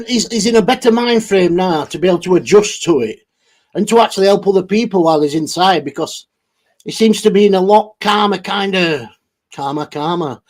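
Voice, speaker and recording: Husky, high-voiced man. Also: darkish tone. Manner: rambling, heavy swearing, blunt. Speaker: livestream host. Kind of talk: casual livestream chat reading viewer comments.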